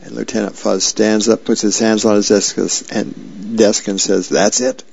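A man on the radio reading comic strips aloud, calmly describing each frame. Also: fairly low pitch, normal speed, vocal fry, husky. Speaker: radio reader. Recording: dry, slightly dull lo-fi sound.

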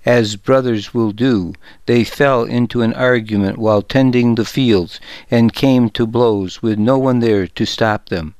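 A man voicing a grieving widow who pleads before a king, in a slow audiobook reading. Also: mid-range voice, darkish tone, clear, resonant tone, no echo, lightly acted. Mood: pleading. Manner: pleading, deferential. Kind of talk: audiobook narration.

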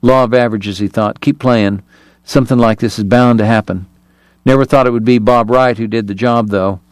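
A man reading an audiobook in a measured, even storytelling manner. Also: medium pitch, smooth, dry recording. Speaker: narrator. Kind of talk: audiobook narration.

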